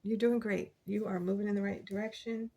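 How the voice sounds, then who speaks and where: Woman, tarot reader, casual chatty reading, encouraging, gravelly voice, mid pitch. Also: steady tone, fairly quick, dark tone. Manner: encouraging, chatty, laughs often; quotes scripture.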